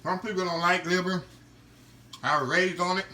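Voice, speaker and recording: Guy with a bright, forceful voice eating in his kitchen, saying y'all a lot, dishes clinking faintly. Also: high voice, steady tone, moderate pace, slight background noise. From Southern US countryside. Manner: chatty, addresses viewers as y'all, hums while chewing. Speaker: cooking channel host. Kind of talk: casual cooking vlog, tasting food. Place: home kitchen. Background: faint clatter of dishes and cutlery.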